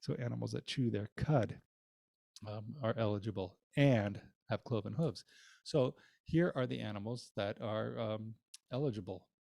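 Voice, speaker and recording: A cantor teaching an introductory class in a casual way, with many ums and uhs and wry asides. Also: male voice, lowish voice, normal speed, gravelly, darkish tone, dry recording. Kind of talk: recorded lecture with slides.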